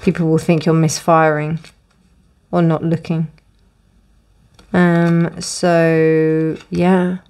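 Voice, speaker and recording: A woman's voice: sits low, flat delivery, drawn-out words, long pauses, darkish tone. A woman giving a casual tarot reading, rambling with many restarts and fillers. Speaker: tarot reader. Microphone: close, dry room with windows closed.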